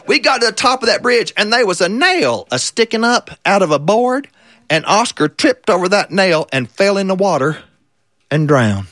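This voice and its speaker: A man voicing an old country man spinning a deadpan tall tale in a folksy drawl. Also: high voice, normal speed.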